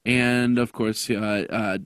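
A man hosting a casual tech podcast, his voice raspy and hoarse from a cough, rambling with lots of fillers and restarts. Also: mid-range voice, level tone, slow, fairly bright tone, no echo, studio quality. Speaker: podcast host.

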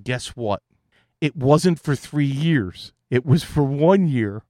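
A man's voice: medium pitch, expressive, slow, mellow, no echo, clean studio sound. A man, an IT consultant, telling an exasperated story in a casual monologue.

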